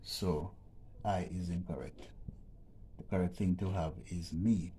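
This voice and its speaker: A man with a low-pitched, warm voice and steady tone teaches grammar in an educational vlog, going over each point again and asking "okay?" to check understanding. He takes his time, and there's slight background noise.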